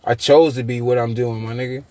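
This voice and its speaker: A young man, a podcast host telling profane, animated stories with loose repetitions. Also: mid-range voice, brisk, no room sound. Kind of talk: casual chat.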